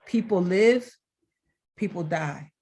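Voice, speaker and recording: Expressive middle-aged woman telling stories. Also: lowish voice, slow pace, slightly rough. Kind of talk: heartfelt conversational storytelling. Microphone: video call.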